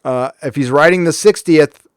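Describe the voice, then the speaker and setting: A man's voice: fairly high pitch, normal speed, smooth, dry recording, clean studio sound. A man from California hosting a show, ranting in a casual, sarcastic way. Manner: sarcastic, heated. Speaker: host. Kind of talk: casual commentary rant.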